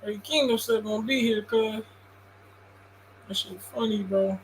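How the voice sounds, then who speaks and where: Laid-back, dismissive livestream host. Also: male voice, sits high, fairly even intonation, unhurried, slight background noise, rough recording. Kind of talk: casual livestream sports talk.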